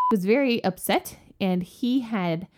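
A woman cohosting a casual podcast, telling a family story. She talks in a relaxed way and her voice jumps up when she acts out the people in her tale. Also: fairly high pitch, slow pace. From West Virginia.

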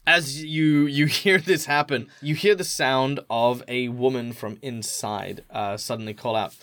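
A man's voice: medium pitch, fairly even intonation, measured pace, few pauses, fairly bright tone, no echo. An Australian man narrating a tabletop game as game master, casual and rambling. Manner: rambling, informal, hesitant.

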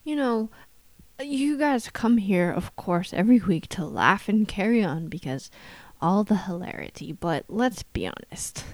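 Woman, hoarse scratchy voice, mellow tone, dry close sound, tired wry podcast host, laughs between phrases. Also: mid-range voice, expressive, measured pace, dry recording. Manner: tired, wry, self-deprecating, laughs often. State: hoarse from shouting. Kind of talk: casual solo podcast monologue.

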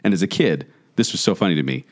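A man co-hosting a podcast, chatting casually and telling animated stories about childhood toys. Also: low voice, fast talker. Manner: animated storyteller, mimics a robotic toy voice. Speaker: podcast co-host. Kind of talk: casual chat.

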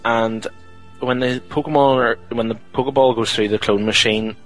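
A man's voice: mid-range voice, fairly even intonation, moderate pace, soft background music, poor audio. A man co-hosting a podcast, chatting casually and rambling through a film review with many fillers. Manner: rambling, filler-heavy, exasperated sighs. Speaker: podcast co-host.

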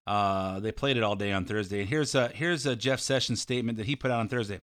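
A man's voice: fairly low pitch, fast, a bit bright, no room sound, studio quality. A male talk radio host giving rambling, opinionated commentary with frequent fillers.

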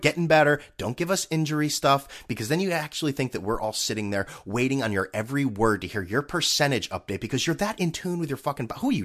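A man rants through a solo sports podcast, sarcastic and profane, his voice leaping up and down as he goes. He mocks what he talks about with put-on voices in quick asides. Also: mid-range voice. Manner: ranting, sarcastic, profane, mocking voices in quotes. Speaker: podcast host.

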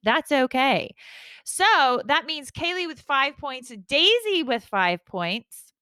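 A woman's voice: high voice, sing-song, slow pace, pushed and bright, no room sound. A woman hosting a casual podcast, upbeat and laughing often as she gives out points. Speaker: podcast host. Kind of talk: casual chat.

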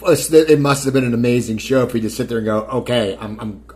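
A man's voice: mid-range voice, quick pace, darkish tone. A man interviewing a guest, often restarting his questions.

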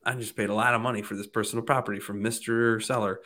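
A married man casually telling a long, animated story, acting out the people in it and swearing freely. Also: lowish voice, fast. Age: adult, married.

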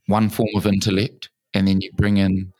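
A man's voice: sits low, completely flat delivery, moderate pace, darkish tone, no room sound. A man hosting an interview in an office studio, enthusiastic and matey, often calling his guest mate or bro. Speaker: podcast host. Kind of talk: casual interview.

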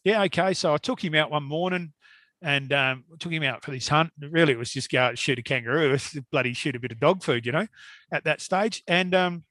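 A man's voice: a little high, brisk, pushed and bright, no echo, studio quality. Rambling Australian man telling stories. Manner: rambling, laughs often. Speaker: guest hunter. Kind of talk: casual storytelling.

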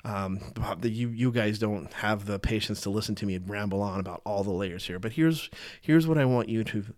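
A man's voice: lowish voice, moderate pace, darkish tone. A man giving a casual, earnest Bible teaching, talking conversationally and often repeating and restarting his phrases.

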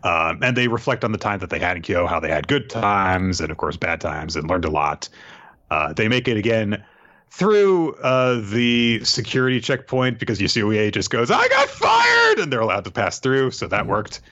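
A man's voice: on the low side, normal speed, fairly bright tone, dry recording, dull audio. A man co-hosting a podcast, casually recapping a story arc with wry asides. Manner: laid-back, wry asides. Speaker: podcast co-host.

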